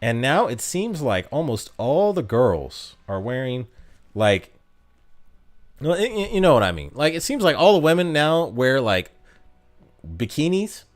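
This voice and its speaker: A young man streams a mobile game and chats casually with his chat in a medium-pitched, sing-song voice that's a little slow. He's chatty and self-mocking, laughing at himself often.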